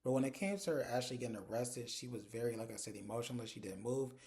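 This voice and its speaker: A man casually recapping a TV drama episode in a chatty, animated way, retelling scenes through quoted dialogue. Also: mid-range voice, fast talker. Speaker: TV episode reviewer.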